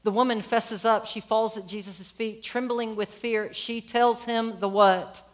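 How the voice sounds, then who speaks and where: A woman's voice: fairly high pitch, measured pace. A woman preaching a sermon, retelling a story in a conversational way and putting questions to her listeners. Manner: animated, conversational, asks the audience questions.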